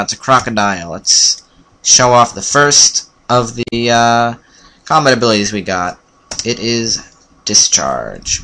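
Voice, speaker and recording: Bright-voiced man playing a video game. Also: on the low side. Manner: playful, jumpy reactions, frequent fillers. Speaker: let's play commentator. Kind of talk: casual game commentary. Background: keyboard typing and clicks.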